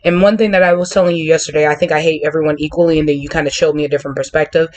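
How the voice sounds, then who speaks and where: A woman's voice: sits low, steady tone, rapid-fire, darkish tone. A woman hosting a casual conversation, candid and opinionated, talking in a chatty, open way. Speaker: podcast host.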